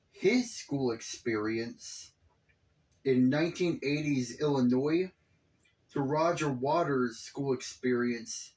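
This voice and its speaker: A man's voice: medium pitch, a little mellow. A man giving casual, profane reaction commentary on a video, exasperated and rambling.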